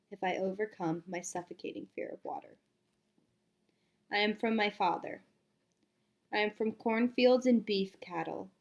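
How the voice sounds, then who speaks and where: A young woman reads her own poem at a student reading. Her voice sits at a middle pitch, and she keeps a measured, rhythmic cadence. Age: young adult. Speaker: student poet.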